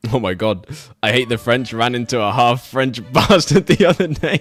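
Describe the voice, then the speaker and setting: A man's voice: mid-range voice, takes it slowly, pauses often, fairly bright tone, soft background music. A young man streaming a game, chatting casually, rambling, swearing and laughing often while he talks to his chat.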